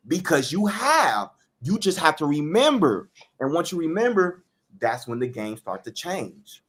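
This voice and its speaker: Earnest man with a slightly high voice. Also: animated, normal speed, a bit bright. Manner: earnest, repeats key phrases for emphasis. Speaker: guest. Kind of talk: spiritual podcast conversation.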